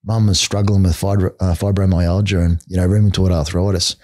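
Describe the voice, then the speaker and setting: A middle-aged Australian man talks in a fairly low, mellow voice. He tells his stories bluntly and casually, swearing freely and scattering "mate" and "like" through his speech, like a guest on a chat podcast. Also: level tone, a little fast, no room sound, studio quality. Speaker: podcast guest, martial arts coach.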